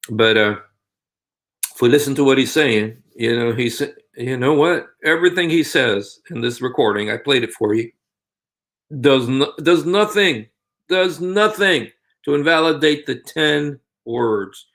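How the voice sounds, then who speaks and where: A man's voice: mid-range voice, animated, measured pace, a bit bright. A man preaching earnestly in a video, pleading with viewers and repeating his phrases over and over. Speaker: Christian preacher and video host. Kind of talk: evangelistic vlog appeal.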